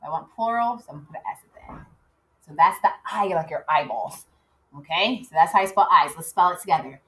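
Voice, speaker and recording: A woman teaching young children to write, slowly sounding out words and spelling them letter by letter. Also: lowish voice, expressive, fairly bright tone. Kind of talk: modeled writing lesson for young children.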